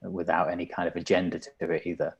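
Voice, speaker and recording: A man co-hosting a coaching podcast, talking in a halting, reflective way full of "um" and "you know". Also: low voice, little pitch movement, gravelly, slightly rough, highs cut off. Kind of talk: casual reflective conversation.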